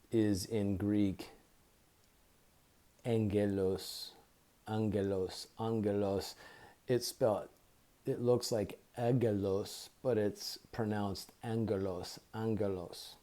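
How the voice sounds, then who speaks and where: A man giving an informal Bible teaching into his phone, deliberately repeating and spelling out key words. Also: lowish voice, fairly even intonation, warm tone.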